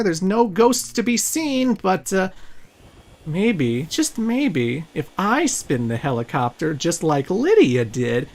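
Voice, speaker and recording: A man hosting a let's play, giving jokey, rambling gameplay commentary. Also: sits high.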